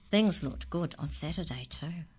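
A woman calmly reading a children's story aloud. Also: low voice, measured pace, a little hiss or hum.

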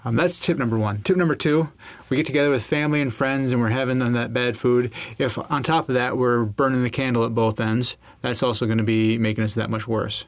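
A man's voice: medium pitch, steady tone, dry recording. A man hosting a radio show, chatting casually and enthusiastically. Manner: upbeat, enthusiastic, fast-talking.

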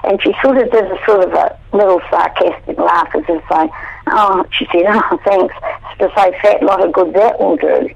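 Gravelly-voiced woman in her eighties. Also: fairly low pitch, fairly quick, few pauses, dull audio, a little hiss or hum. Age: 80s. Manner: animated, loud when acting out her own past words. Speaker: interview guest. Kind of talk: conversational storytelling.

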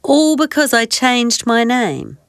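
A woman's voice: sits high, very animated, normal speed, no room sound, studio quality, pitched above the performer's own voice. A woman voicing a shy young male teddy bear in a plaintive storybook voice. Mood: sad.

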